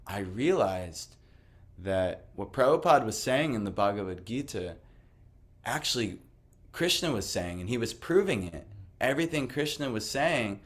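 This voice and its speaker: A man with a fairly low voice tells a personal story in a loose, conversational way. He rambles with many fillers and restarts and sounds quietly amused at himself. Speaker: devotional speaker. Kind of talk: casual personal testimony talk.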